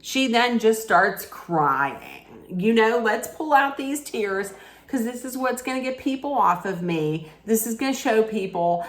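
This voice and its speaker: A woman's voice: fairly high pitch, animated, a little slow. A woman hosting her own reality TV recap, ranting casually in a blunt, heated way straight to her viewers.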